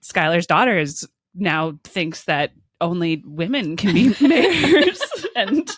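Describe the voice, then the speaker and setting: A woman's voice: on the low side, expressive, slow pace, breathy edge, no room sound, clean studio sound. A woman hosting an interview, casual and encouraging, with loose, rambling phrasing. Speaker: interviewer host.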